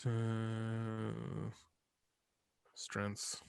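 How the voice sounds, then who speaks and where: A man's voice: medium pitch, lively intonation, a little slow, pushed and bright. A man running a tabletop game as game master, chatty, with many fillers and restarts.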